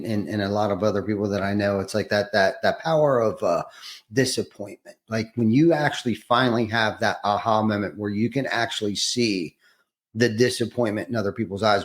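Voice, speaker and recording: A man hosting a podcast, asking long, rambling questions with many restarts. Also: lowish voice. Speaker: podcast host. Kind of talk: casual interview questions.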